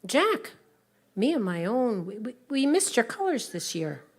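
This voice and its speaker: A woman storyteller voicing a humble, earnest male farmer who speaks haltingly and a little high. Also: big pitch swings, exaggerated voice.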